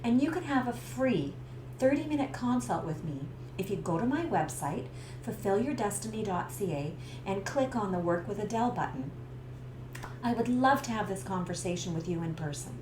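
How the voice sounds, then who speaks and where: A stress coach and business owner from Canada, middle-aged, acts out scenes while telling a personal story to camera. She speaks at a moderate pace in a mid-range voice, with lively storytelling flair. Echo fills the room, and a faint hiss runs underneath.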